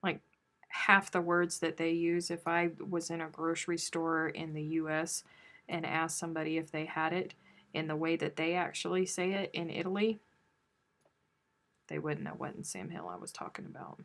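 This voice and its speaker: A woman's voice: low voice, normal speed, fairly bright tone. A woman hosting a casual crochet livestream, chatting playfully with viewers and reading their comments aloud. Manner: chatty, playful, drawling Southern turns of phrase.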